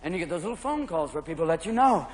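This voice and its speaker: A man in his thirties doing live stand-up comedy on an opera house stage, talking in a manic way and jumping rapidly between voices. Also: fairly high pitch, very animated, slight background noise. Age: 30s. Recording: live hall, loud audience laughter.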